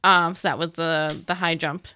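A woman's voice: low voice, fairly even intonation, normal speed, pushed and bright, a little hiss or hum. A young woman hosting a casual chat, reading out news items in a light, chatty way.

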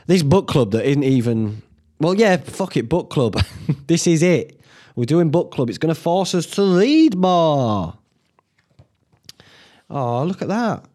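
Sweary, chatty host. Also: male voice, on the high side, sing-song, a little slow, dark tone. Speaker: podcast host. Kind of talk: casual solo podcast chat. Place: indoors at home.

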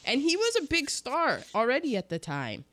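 A woman co-hosting a casual film podcast, chatting through cast trivia with quick asides. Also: high voice, wildly swooping pitch, a bit bright, no echo. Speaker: podcast co-host presenting film facts. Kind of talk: casual chat about an old film.

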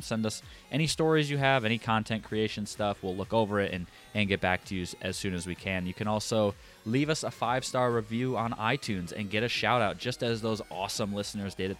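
A man with a fairly low voice co-hosts a casual tabletop gaming podcast. He talks in a relaxed way, often repeating a word as he starts a thought, with faint music playing underneath. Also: brisk, hardly any pauses. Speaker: podcast co-host.

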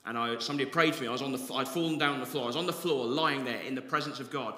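A man's voice: mid-range voice, very fast, sharp tone. A man preaching a sermon as pastor, earnest and reflective, rising to passionate emphasis. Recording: echoey hall with long reverb.

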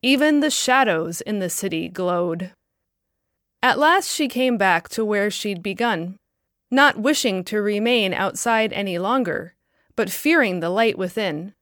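A woman narrating a story in a calm, measured reading. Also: medium pitch, dry recording, studio quality.

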